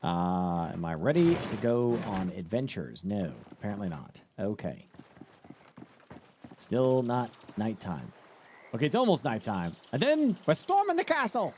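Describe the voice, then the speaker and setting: A man's voice: fairly low pitch, wildly swooping pitch, a little slow, darkish tone, slight background noise. A man streaming a game live, chatting loosely with his chat, swearing and riffing on ideas as he plays. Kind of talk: casual live-stream chat while gaming.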